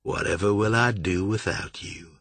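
A man voicing a sophisticated, cruel male vampire, talking slowly with chilly amusement in an audiobook. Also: lowish voice, a bit bright, no room sound, heavily acted. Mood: cold amused. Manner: smooth, slow, chilly amusement.

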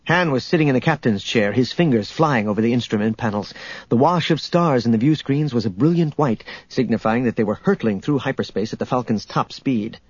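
A man narrating an audiobook in a steady storytelling manner, in a dull, dry recording. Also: medium pitch, fairly quick, husky.

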